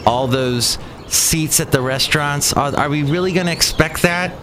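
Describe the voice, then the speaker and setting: A man's voice: a little high, normal speed. Brief: chatty Californian man, wry solo podcast host, traffic noise in the background. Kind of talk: casual rambling monologue.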